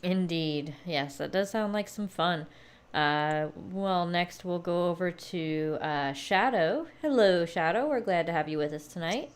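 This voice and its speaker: A woman hosting a casual online movie night chat, laughing often and filling pauses with "uh". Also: on the low side. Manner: giggly, frequent laughs and fillers. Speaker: host.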